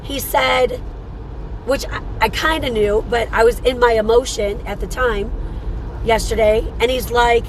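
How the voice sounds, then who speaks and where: A woman's voice: on the high side, fairly even intonation, a little slow, slight background noise, low-quality recording. A woman who works as a psychic medium and hosts a show, telling a story in a rambling, casual way and repeating phrases for emphasis.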